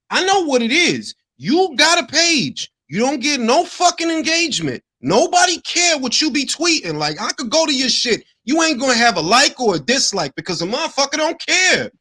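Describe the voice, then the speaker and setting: A man in his fifties with a high, bright voice, heated and profane as he rants in casual chat. His pitch swings widely and his tone has a sharp edge. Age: 50s. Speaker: podcast co-host.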